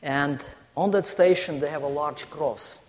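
A man's voice: fairly high pitch, a little slow. A man giving a guest sermon, emphatic, listing points and telling a story to a congregation. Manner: emphatic, building lists and storytelling. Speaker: guest preacher. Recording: long hall reverb.

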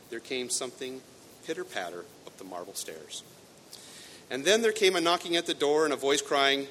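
A male pastor preaching a sermon, reading a fairy tale aloud with expressive narration. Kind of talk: sermon with storytelling. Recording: echoey hall, faint rumble.

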